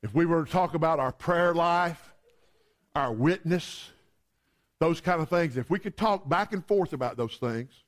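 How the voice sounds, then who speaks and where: Male preacher, high voice, chatty storytelling sermon style. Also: expressive, measured pace. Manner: conversational, storytelling with humor.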